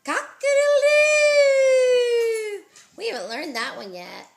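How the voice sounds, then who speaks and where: A woman's voice: high voice, very animated, a little slow, pushed and bright, soft background music. A young mother filming her toddler at home on a phone, patiently coaxing her with questions in sing-song baby talk. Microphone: handheld phone camera.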